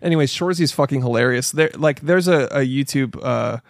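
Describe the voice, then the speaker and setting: A man's voice: medium pitch, fairly quick, vocal fry, dry recording. A man from Canada co-hosting a casual podcast, rambling and swearing, with lots of filler words. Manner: rambling, profane, heavy use of filler "like". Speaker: podcast co-host.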